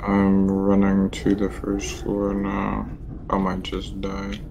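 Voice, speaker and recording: Very deep, flat-voiced man gaming. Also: slow, vocal fry. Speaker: gamer playing co-op horror game. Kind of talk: casual gaming chat. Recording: hissy noisy mic.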